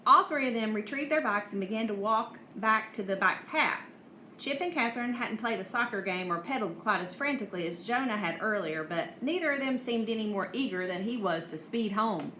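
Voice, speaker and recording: Bright-voiced woman reading a novel. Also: mid-range voice, moderate pace. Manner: even, with small slips and restarts. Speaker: audiobook reader. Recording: echoey room, faint hiss.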